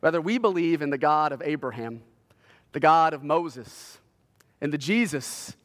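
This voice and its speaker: A man preaching a sermon, earnest and measured, slowing and rising in pitch when he quotes scripture. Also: animated, a bit bright, long reverb tail. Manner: earnest, slows and lifts his voice when quoting scripture. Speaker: pastor.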